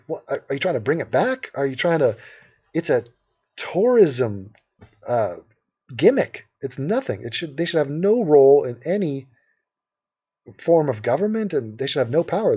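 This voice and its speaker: Man, livestream host, brash, sarcastic, mid-pitched, dull lo-fi stream audio. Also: dark tone, slightly rough. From Los Angeles. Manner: brash, sarcastic, reads chat questions aloud. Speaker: livestream host answering chat. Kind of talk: casual livestream chat.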